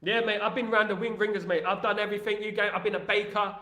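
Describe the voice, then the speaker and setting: A man hosting a rambling, jokey, excitable casual chat. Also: sits high, quick pace, roomy sound. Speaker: host.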